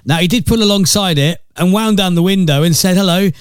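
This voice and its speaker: A man's voice: high-pitched, a little fast, smooth, no echo. A young man presenting on the radio, jokey and chatty. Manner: jokey and chatty, puts on silly voices. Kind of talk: casual radio chat.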